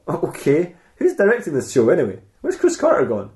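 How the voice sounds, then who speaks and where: A man's voice: mid-range voice, wildly swooping pitch, fast, hardly any pauses, darkish tone. A man hosting a podcast, telling an improvised comedy story loosely, laughing and correcting himself. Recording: roomy echo.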